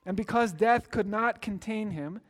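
A man's voice: sits high, normal speed. A man preaching a sermon as pastor, earnest and storytelling, building to emphatic exclamations.

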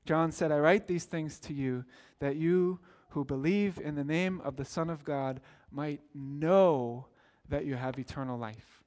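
A man with a notably high speaking voice delivers a sermon as pastor. He tells stories plainly, then lifts into earnest, emphatic calls to his listeners. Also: a little slow, hardly any pauses, a little mellow. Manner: earnest preaching with rising emphatic exclamations.

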